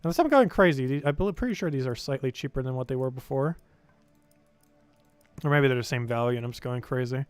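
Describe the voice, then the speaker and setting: A man's voice: medium pitch, fast, clean tone, dry recording, soft background music. A young man live-streaming a game, giving casual, rambling commentary full of filler words.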